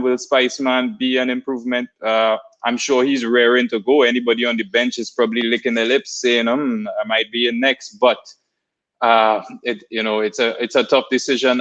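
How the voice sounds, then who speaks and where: A man joining a podcast discussion as a guest, talking in an easygoing, measured way with plenty of fillers. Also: mid-range voice, a bit bright. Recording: dull lo-fi audio.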